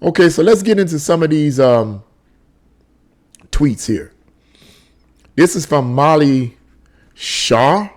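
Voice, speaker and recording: A man's voice: fairly high pitch, lively intonation, slow, pauses often, a little mellow. A man hosting a solo political commentary show, reading tweets aloud with exasperated, incredulous remarks and repeated phrases.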